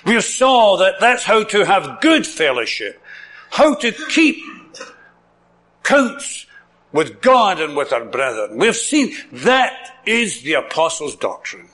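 A man's voice: high voice, very animated, slow, pushed and bright. A man with a Scottish accent preaching a sermon, enthusiastic, repeating words for emphasis and chuckling often.

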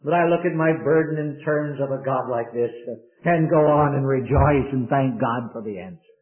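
Man, older, preacher, sermon, emphatic, loud peaks and hushed drops, echoey church hall. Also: mid-range voice, moderate pace. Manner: emphatic, rising and falling delivery with sudden loud peaks and quiet drops; addresses listeners as "beloved". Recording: echoey hall, tinny phone-like sound.

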